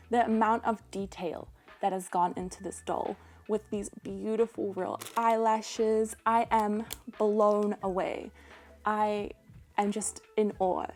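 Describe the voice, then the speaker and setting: A young woman with a New Zealand accent, a doll artist unboxing a doll in an excited vlog, full of breathless delighted gasps. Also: medium pitch. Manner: gushing, breathless exclamations of delight.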